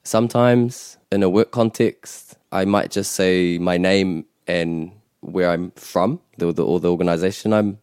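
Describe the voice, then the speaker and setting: Kiwi male tutor, low mellow voice, patient explainer, dry studio sound. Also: steady tone, unhurried, hardly any pauses, smooth, dry recording. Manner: patient explaining, switches into Māori phrases. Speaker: language teacher. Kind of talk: relaxed podcast lesson.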